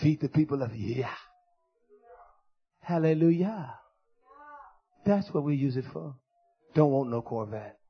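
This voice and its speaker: A man preaching a fiery sermon to his congregation, rising to shouts and dropping low again. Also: animated, a little slow, long pauses, husky. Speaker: pastor. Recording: muffled lo-fi recording.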